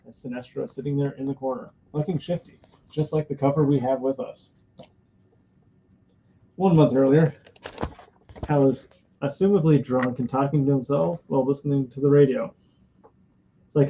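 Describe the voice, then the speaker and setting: A man's voice: mid-range voice, steady tone, normal speed, long pauses, dark tone, slight background noise. Chatty man hosting a comic reading. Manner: chatty, reads every part aloud. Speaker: host. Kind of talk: casual comic book reading chat. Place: comic book store. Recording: dull lo-fi stream audio.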